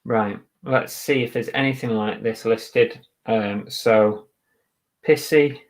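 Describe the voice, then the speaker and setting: A man's voice: mid-range voice, takes it slowly, poor audio. An English man from the UK, chatting casually and bluntly on a live stream while listing items for resale and reading out viewers' comments. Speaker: eBay reseller livestreaming.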